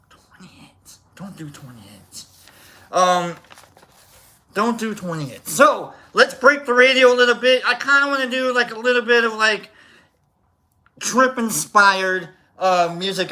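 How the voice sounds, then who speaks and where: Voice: mid-range voice, bright, forceful tone. A live stream host chatting casually, telling a rambling story and greeting viewers in the chat.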